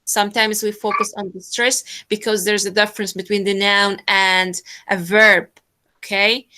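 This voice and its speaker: A woman's voice: medium pitch, little pitch movement, normal speed, noisy background. A woman teaching a classroom lesson, explaining hesitantly with many fillers.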